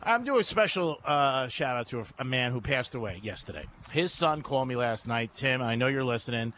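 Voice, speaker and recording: A man's voice: mid-range voice, animated, fairly quick, fairly bright tone. A male radio host broadcasting live from a cigar lounge, with a faint hum of the room behind him. He rambles loosely from one story to the next and laughs easily between lines. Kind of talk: casual radio chat.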